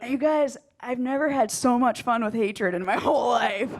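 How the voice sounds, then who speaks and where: A woman's voice: on the high side, moderate pace, a little hiss or hum. A stand-up comedian on a club stage, talking in a rambling, self-deprecating way and laughing at her own jokes. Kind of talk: stand-up set.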